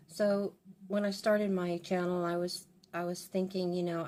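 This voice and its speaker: A woman's voice: on the low side, fairly even intonation, moderate pace, a little mellow. Older female beauty vlogger, rambling and confessional as she styles her hair, faint noise behind. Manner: rambling and confiding, with many restarts. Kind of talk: casual chat while doing her hair.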